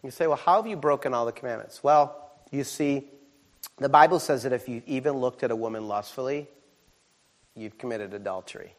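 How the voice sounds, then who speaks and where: A man preaching a sermon as a pastor, animated and humorous, swinging from quiet asides to shouted exclamations. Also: medium pitch, a little fast. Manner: humorous, self-deprecating.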